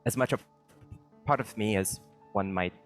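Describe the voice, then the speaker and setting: A man's voice: fairly low pitch, moderate pace, soft background music, close to an everyday voice. A man voicing a shy, nervous young man who stutters and hides inside a machine, in a tabletop game.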